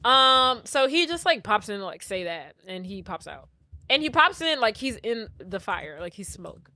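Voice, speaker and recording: A woman's voice: a little high, moderate pace, no echo, studio quality. A woman co-hosting a podcast, casually recapping a movie with lots of profanity and acted-out quotes. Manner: animated retelling, profane, acts out quotes. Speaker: podcast co-host.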